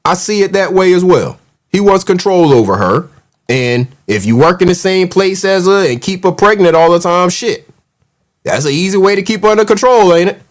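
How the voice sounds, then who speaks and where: A man's voice: high-pitched, lively intonation, moderate pace. A man hosting a casual livestream, ranting in a mocking, profane, heated way and reacting to the live chat. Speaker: show host.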